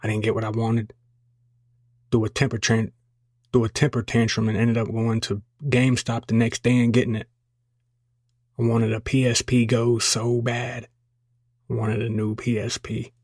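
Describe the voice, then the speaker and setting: A man in his twenties, a podcast host, casually telling a childhood story in a relaxed, self-deprecating way. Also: mid-range voice, normal speed, long pauses, dry recording, clean studio sound.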